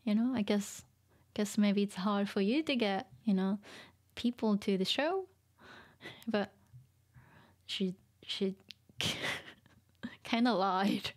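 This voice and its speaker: A woman in a mid-pitched voice leads a casual vocabulary lesson. She talks softly and chattily and switches between Japanese and English. Small laughs and gentle fillers run through her explanations. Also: takes it slowly, pauses often. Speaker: Japanese teacher.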